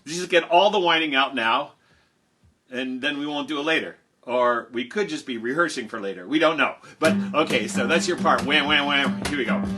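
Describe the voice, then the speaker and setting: A children's singer and storyteller chats playfully on a live stream from home, coaxing his young listeners to join in while a guitar plays in the background. He has a medium-pitched voice with a sharp tone and lively intonation, and he speaks at a moderate pace.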